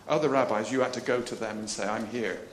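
Fast and medium-pitched, a man gives a lively, jokey sermon, laughing frequently and voicing the people in his story. Slight background noise and faint ambience fill the echoey room.

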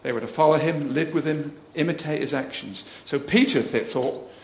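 Speaking at normal speed with few pauses, a man whose voice is a little high and darkish in tone preaches a lively sermon. He keeps it chatty and jokey, laughing often and acting out voices from the story, in an echoey room with faint ambience.

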